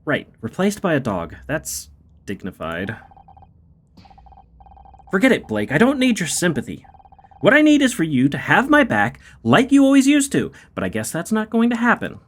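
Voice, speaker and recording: A woman's voice: lowish voice, wildly swooping pitch, moderate pace. A streamer voicing a bitter, recently sacked female TV actress who talks in a weary, curt way.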